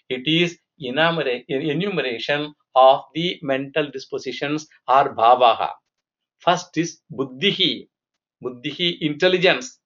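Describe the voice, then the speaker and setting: A man's voice: a little high, a bit bright. A man giving a scripture lecture as a teacher, explaining patiently and asking and answering his own questions. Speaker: Vedanta teacher. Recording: dull lo-fi recording.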